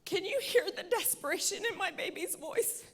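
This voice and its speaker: A woman in her forties giving an earnest personal testimony speech on an auditorium stage, building to forceful appeals. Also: extremely high pitch, expressive, moderate pace. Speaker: speaker at an event.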